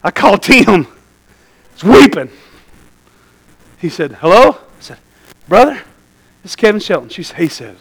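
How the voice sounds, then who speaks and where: A middle-aged man preaching a sermon, telling lively stories and calling out "Amen?" to the congregation. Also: sits high, moderate pace, pauses often, poor audio. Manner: animated storytelling, calls out "Amen?" to the congregation. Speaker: pastor.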